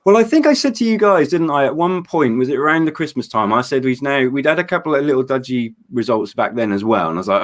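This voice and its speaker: A man's voice: medium pitch, quick pace. A man chatting casually on a late-night charity livestream, rambling and enthusiastic with lots of fillers and restarts, tired after staying up all night. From Norfolk, England. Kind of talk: casual chat.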